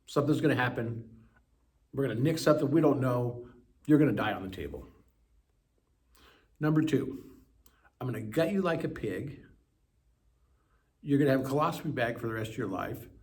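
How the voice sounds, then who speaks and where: A man's voice: mid-range voice, expressive, moderate pace, pauses often, darkish tone, close to an everyday voice. A man voicing a male surgeon who lists grim outcomes in a blunt, matter-of-fact way.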